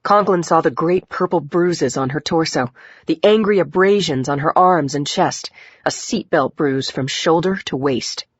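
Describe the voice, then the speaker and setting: Husky woman narrating a thriller. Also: low-pitched, measured pace, no room sound, dull audio. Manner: expressive reading. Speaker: audiobook narrator. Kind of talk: scripted narration.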